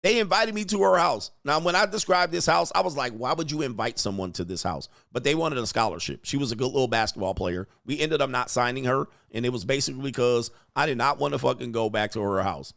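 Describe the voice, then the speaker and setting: A man hosting a casual livestream, reading chat comments and telling stories in a profane, animated way. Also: medium pitch, quick pace, gravelly, few pauses. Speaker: host of a livestream show. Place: home studio.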